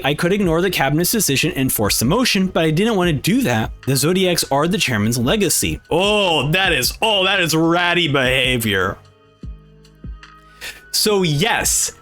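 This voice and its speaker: Young man, reaction commentary, slightly high voice, very lively pitch, faint music behind. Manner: animated, reads lines aloud in silly voices. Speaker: anime reaction host.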